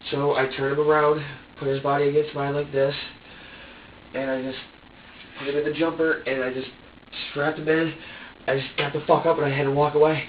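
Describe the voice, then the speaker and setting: Halting man in distant, phone-like recording. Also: on the high side, level tone, a little hiss or hum. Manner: halting, repeats and restarts, reenacts his own words. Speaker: suspect in police interrogation. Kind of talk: recounting events under questioning. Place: police interview room. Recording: echoey, distant, phone-like archive audio.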